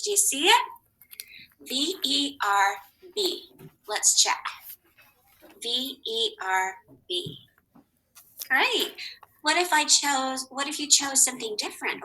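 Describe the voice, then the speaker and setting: Bright, upbeat woman teaching phonics. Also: high-pitched, low-quality recording. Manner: encouraging, spells words slowly letter by letter. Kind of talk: recorded phonics lesson for children.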